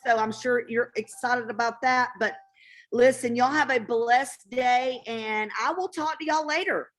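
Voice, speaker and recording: A woman's voice: sits high, fairly bright tone. A woman hosting a live webinar Q&A, who talks to callers familiarly and calls them honey. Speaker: webinar host.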